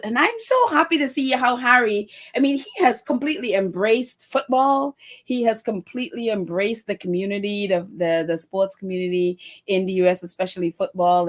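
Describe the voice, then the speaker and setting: A woman hosting a casual livestream, chatting warmly and reading out viewer comments with many fillers. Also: mid-range voice. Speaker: livestream host.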